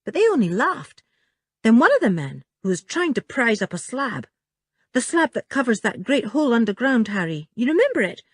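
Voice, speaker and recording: A woman's voice: fairly high pitch, big pitch swings, moderate pace, husky, no room sound, studio quality, voice pushed up. A woman reading an audiobook, voicing a plucky young boy with an injured ankle who tells his story earnestly.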